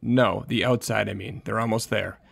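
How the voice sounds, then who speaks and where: A man voicing an emergency dispatcher, calm and procedural in a monotone. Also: on the low side, normal speed, vocal fry, breathy edge, no room sound, exaggerated voice. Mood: businesslike.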